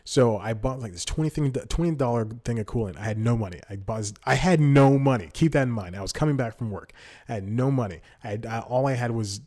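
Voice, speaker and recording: A young man in his twenties tells a story on his comedy podcast at a middling pitch. He rambles, keeps restarting his sentences and laughs at his own tale. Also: brisk, warm tone. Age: 20s. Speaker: podcast host.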